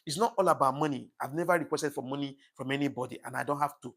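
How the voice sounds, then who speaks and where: Gravelly-voiced man hosting a livestream. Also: mid-range voice, fast, fairly bright tone. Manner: apologetic and thankful, repeats thanks often; emotional, says things get to him easily. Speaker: livestream host. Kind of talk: casual live-stream chat reading comments.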